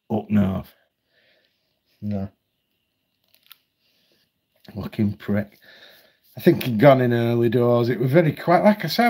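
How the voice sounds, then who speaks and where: A man's voice: medium pitch, darkish tone, slightly rough. A man ranting at home on his channel, blunt, heated and full of swearing. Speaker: vlogger. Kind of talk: ranting commentary.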